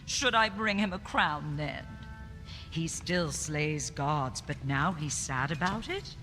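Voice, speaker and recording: A woman voicing a cryptic, haughty seer of fate who mocks her visitors in slow, cold pronouncements. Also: low voice, expressive. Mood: mocking. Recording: echoey with music behind.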